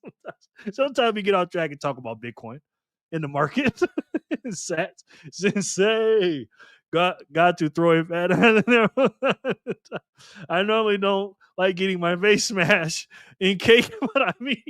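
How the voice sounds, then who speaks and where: A man's voice: sits high, lively intonation, takes it slowly, a bit bright, dry recording, clean studio sound. A man hosting a casual live stream, laughing often and bantering with his chat as he reads their comments.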